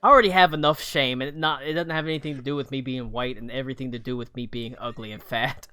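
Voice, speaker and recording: A man narrating as game master of a tabletop game, rambling with many pauses and restarts. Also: mid-range voice, fairly even intonation, bright, forceful tone, smooth, soft background music.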